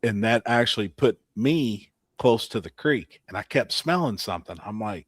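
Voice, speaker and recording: A man hosting a casual podcast, telling racing-weekend stories with lively acted-out quotes and frequent laughter. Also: lowish voice, moderate pace, few pauses, dry recording. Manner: animated storyteller, laughs often, acts out quotes. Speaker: podcast host. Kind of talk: casual storytelling chat.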